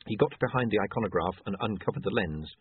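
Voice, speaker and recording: Husky man narrating a story. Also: lowish voice, animated, quick pace, dry recording. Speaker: audiobook narrator. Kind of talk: scripted narration. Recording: tinny phone-like, dry.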